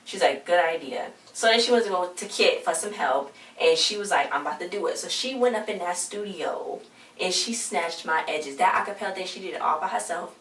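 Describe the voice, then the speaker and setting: A woman's voice: lowish voice, a little fast, fairly bright tone. A woman casually recapping a TV episode, chatty and full of slang, acting out the characters' lines as she retells the scenes. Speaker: recap vlogger. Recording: roomy, distant home mic with faint noise.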